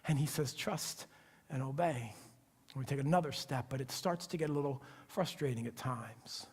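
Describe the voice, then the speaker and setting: A man preaching a sermon in a conversational, storytelling way, swinging from hushed, quiet lines to loud, excited ones as he acts out voices. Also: medium pitch, brisk, breathy edge, in a large hall. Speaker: pastor. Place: church sanctuary.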